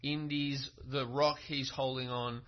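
A male preacher delivers his sermon slowly and deliberately, leaning on rhetorical questions to drive points home. His voice sits at an ordinary middle pitch. The recording is muffled and lacks top end. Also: flat delivery. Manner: storytelling, emphatic, with rhetorical questions.

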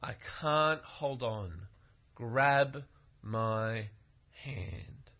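A pleading older father calls out to his son, urgent and unhurried, as a man retells the scene. The sound is muffled and dull, and the words are spaced out slowly. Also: mid-range voice, expressive.

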